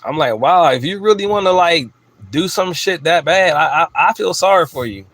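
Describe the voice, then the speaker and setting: A man's voice: a little high, animated, normal speed, fairly bright tone. A man delivering a blunt, profane, emphatic ranting monologue as a video host.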